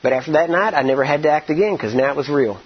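A man preaching a sermon, rambling with many "I mean" and "you know", acting out quoted speech and slowing down to stress scripture. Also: a little high, breathy edge. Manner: slows down and stresses words when teaching scripture. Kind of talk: sermon with storytelling. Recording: dull lo-fi recording.

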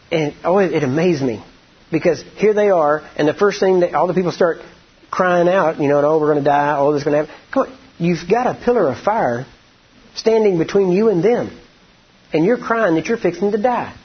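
A man's voice: fairly high pitch, slightly rough, highs cut off. A man preaching a conversational sermon, often asking the congregation for agreement.

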